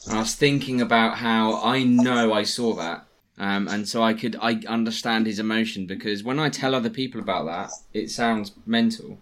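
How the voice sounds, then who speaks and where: A man's voice: fairly low pitch, fairly even intonation, a bit bright. Earnest man in a casual podcast chat. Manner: earnest, halting with repeated words. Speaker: podcast co-host.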